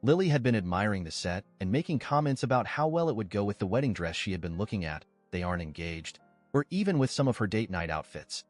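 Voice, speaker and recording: A man narrating online stories aloud as a channel host, in an animated storytelling read. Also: lowish voice, fast talker, soft background music.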